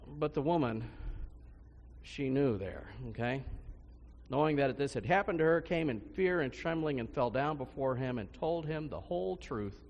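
A male pastor preaching a sermon in a conversational style, his pitch and loudness swinging widely between phrases. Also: a little fast, creaky. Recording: long hall reverb.

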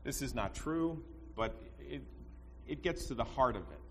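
A man's voice: medium pitch, expressive, moderate pace, creaky, husky. A man preaching a sermon, telling stories in a conversational way with asides to his listeners. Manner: storytelling, conversational with rhetorical asides. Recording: long reverb, faint background noise.

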